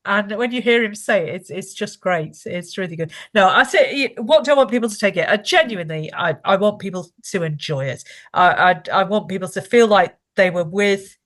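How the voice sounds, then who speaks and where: A woman's voice: medium pitch, animated, normal speed, hardly any pauses, a bit bright. A woman, an author guest in a casual podcast interview, self-deprecating, laughing often and restarting her sentences.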